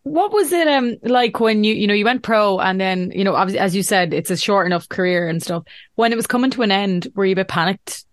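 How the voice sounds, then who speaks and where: A woman hosts a relaxed interview, nudging her guest along with short affirmations and follow-up questions. Her voice sits at a middle pitch and stays conversational. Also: fairly quick. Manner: encouraging, brief backchannels. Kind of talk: casual interview chat.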